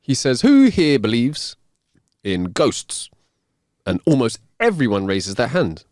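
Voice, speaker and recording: A man's voice: mid-range voice, wildly swooping pitch, slow pace, a little mellow, dry recording, studio quality. A man voicing a showy stage speaker who questions his audience about ghosts, in a grand announcing tone.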